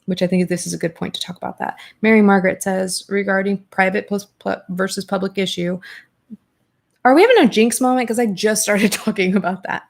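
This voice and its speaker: Young woman, podcast host, gravelly voice, candid, swears a lot, reads out comments. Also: medium pitch, fairly quick. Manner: candid, swears freely, animated, thinks aloud. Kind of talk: casual commentary reading viewer comments.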